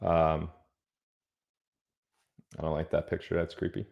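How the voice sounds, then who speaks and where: A man's voice: rumbling low, little pitch movement, unhurried, gravelly, darkish tone, muffled recording. A man hosting a casual livestream, chatting loosely and reading out where viewers are from. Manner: chatty, reads out viewer locations. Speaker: livestream host.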